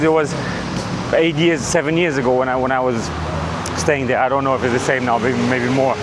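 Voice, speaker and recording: A man's voice: a little high, noisy background. A man from Romania recording a casual travel vlog outdoors on city streets, rambling and joking and swearing now and then. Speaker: travel vlogger. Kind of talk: casual walking vlog commentary.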